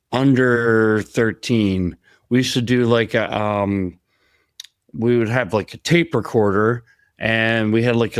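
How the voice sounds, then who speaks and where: A man with a smooth, resonant, fairly low voice co-hosts a podcast in relaxed, unhurried conversation. He rambles through his stories, frequently laughing as he goes. The recording is dry and close.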